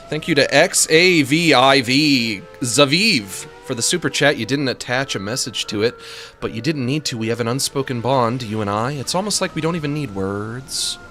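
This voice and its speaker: With soft music in the background, a man streams a game and chats casually, rambling through jokes and self-mocking asides. His mid-range voice is fairly bright, with lively intonation and a moderate pace.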